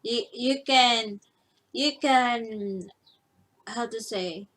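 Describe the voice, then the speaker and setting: A woman with a Filipino accent and a fairly high voice reads viewer comments aloud during a casual live stream. She sometimes pauses to search for the right English word. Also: a bit bright. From Philippines. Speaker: co-host reading viewer comments.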